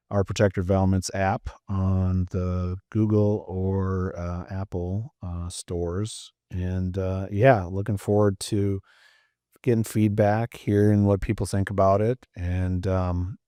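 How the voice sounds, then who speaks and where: A Canadian man with a deep, low voice, co-hosting a podcast and chatting casually. He rambles, with lots of "um" and "uh" and restarts. Dry, close sound with no room echo. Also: mellow. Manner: rambling, many fillers and restarts. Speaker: podcast co-host and mindset coach.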